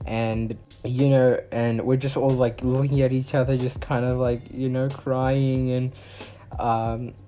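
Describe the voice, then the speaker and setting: A man's voice: medium pitch, little pitch movement, a little slow, mellow, slight background noise. Rambling young man telling a story. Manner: rambling, filler-heavy casual talk. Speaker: vlogger. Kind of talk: storytime vlog.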